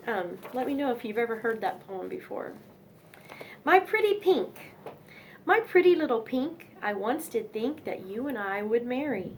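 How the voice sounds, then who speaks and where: A woman's voice: on the high side, a little hiss or hum. A young woman reading nursery rhymes aloud in a sing-song manner, with chatty asides between poems.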